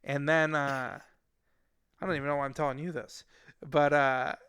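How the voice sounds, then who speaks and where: Bright, deadpan male talk show host. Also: fairly high pitch, moderate pace, clean tone, no echo. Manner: deadpan, mock-serious. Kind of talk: casual chat in a virtual reality talk show. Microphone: VR headset mic.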